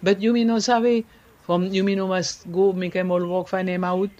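High-voiced man. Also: little pitch movement, darkish tone, highs cut off. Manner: halting, repeats words, slips into French. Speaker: interviewee. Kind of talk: conversational explaining.

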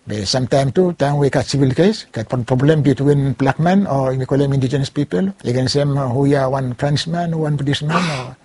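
Here a Ni-Vanuatu man, speaking with a Bislama accent, recounts his life in an interview, pausing often and moving between Bislama, English and French. His pitch sits in the middle, a little mellow and husky, with no room sound.

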